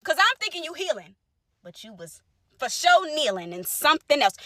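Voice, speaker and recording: A young woman casually telling a personal story to camera, animated and conversational, jumping between loud exclaims and low asides. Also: normal speed, heavy background noise. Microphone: phone close to the face.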